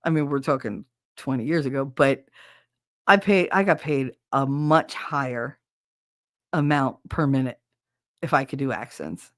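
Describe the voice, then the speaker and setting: A woman's voice: rumbling low, unhurried, long pauses, no echo, clean studio sound. A woman with a Southern accent hosting a casual podcast chat, talking frankly and profanely and laughing often. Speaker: podcast host.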